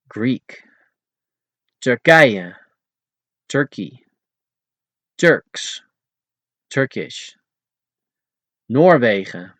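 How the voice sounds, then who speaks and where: A man narrating his own audiobook language lesson, saying each word slowly and deliberately and then giving its English meaning. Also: medium pitch, fairly bright tone, no echo.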